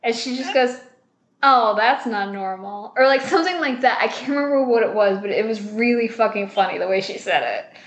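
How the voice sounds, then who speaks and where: A woman's voice: on the high side, fast talker, echoey room. A young woman in casual conversation, retelling a film scene by scene, acting out the characters' lines, swearing and laughing. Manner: animated, acts out quotes, swears, laughs. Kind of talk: casual movie discussion chat.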